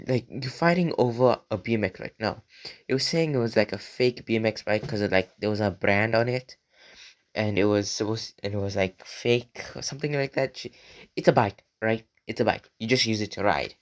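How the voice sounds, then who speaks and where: A young male vlogger tells a childhood story straight to his viewers in a casual storytime monologue, rambling and profane, with lots of filler words. His voice is lowish and his pace moderate.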